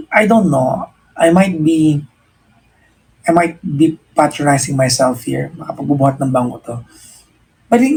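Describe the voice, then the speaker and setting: Husky Filipino man, earnest host. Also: a little high, a little mellow, poor audio. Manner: earnest and reflective, mixing English and Tagalog, frequent restarts. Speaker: radio host answering a listener. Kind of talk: casual livestream chat, giving life advice.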